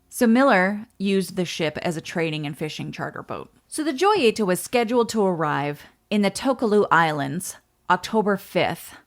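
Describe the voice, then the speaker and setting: Woman host telling a history tale, slightly low voice, chatty asides. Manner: lively narration with asides and laughs. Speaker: podcast co-host. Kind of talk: casual storytelling of history.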